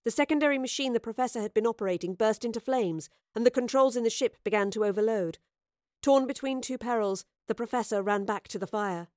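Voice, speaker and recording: Brief: female audiobook narrator, slightly higher voice, measured and expressive, dry close studio sound. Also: no room sound.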